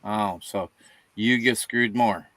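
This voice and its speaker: A man's voice: fairly low pitch, slow pace, fairly bright tone, no echo. A man hosting a casual livestream panel, drawing guests in and asking questions. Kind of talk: casual chat.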